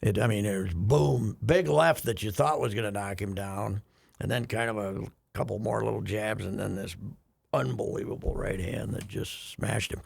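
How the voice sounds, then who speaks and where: A man's voice: fairly low pitch, steady tone, normal speed. An older man telling a rambling, chuckling story in casual radio chat, with frequent restarts. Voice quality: gravelly, husky. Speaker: radio show regular.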